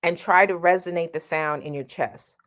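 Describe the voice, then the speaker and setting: A woman's voice: fairly low pitch, steady tone, normal speed, fairly bright tone. A woman teaching a singing lesson, explaining vowel sounds and singing short vowel demonstrations between her explanations.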